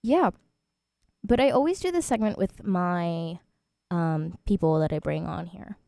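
A woman's voice: on the low side, measured pace, vocal fry, pauses often, dark tone, no room sound, studio quality. A twenty-year-old woman hosting a student radio show, chatting casually and rambling with frequent laughs. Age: 20s.

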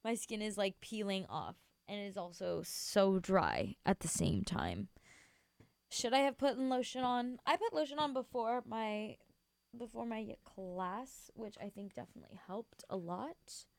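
A woman's voice: medium pitch, expressive, measured pace, gravelly, no echo. A young woman hosting a radio show, chatting casually and rambling between songs while sleepy and yawning, gushing with many fillers. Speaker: radio host.

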